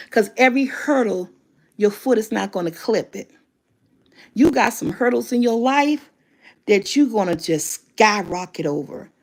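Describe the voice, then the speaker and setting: A woman in her fifties talks straight to her viewers in a casual motivational vlog. Her voice sits a bit high, and she is candid and emphatic, swearing freely as she makes her points. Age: 50s. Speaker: vlogger.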